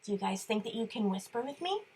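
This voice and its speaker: A woman reading a picture book to young children in an animated voice, coaxing them to count and whisper along. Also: medium pitch, fast, breathy edge. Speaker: children's story reader.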